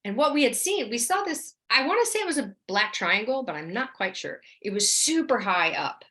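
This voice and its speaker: In a casual interview, a middle-aged New Orleans actress describes her experiences with plenty of energy. When quoting people, she's quick to act their lines out, lifting her voice higher.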